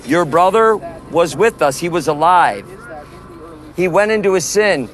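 A man preaching on the street outdoors, emphatic and forceful, quizzing his listeners with questions as he talks. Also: sits high, animated, a little slow.

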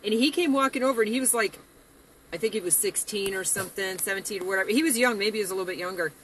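Brief: earnest woman evangelist, bright, sharp tone, chatty. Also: medium pitch, racing, slight background noise, poor audio. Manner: earnest, rambling. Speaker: street evangelist. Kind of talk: casual talk about evangelizing.

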